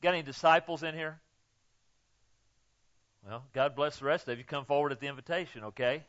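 A man preaching a sermon to his congregation in a folksy, emphatic way, often checking in with "okay?" and swinging from quiet asides to loud, stressed lines. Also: a little high, fairly quick, highs cut off. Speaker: pastor.

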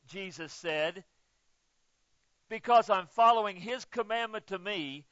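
A pastor preaching a sermon, swinging from loud emphatic lines to soft, low ones. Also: male voice, no echo. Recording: dull, muffled, dry sound.

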